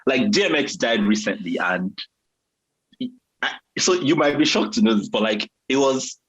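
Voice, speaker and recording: A man's voice: mid-range voice, normal speed, poor audio. A man, a psychiatrist guest talking casually, laughing and leaning on "like". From Nigeria. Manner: relaxed, heavy on "like" fillers, laughs often. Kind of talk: casual conversation.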